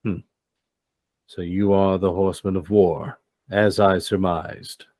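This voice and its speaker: A man voicing a stern old male martial arts master who speaks slowly and formally. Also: low-pitched, level tone, a little mellow, no room sound. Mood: scornful. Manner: slow, formal and measured.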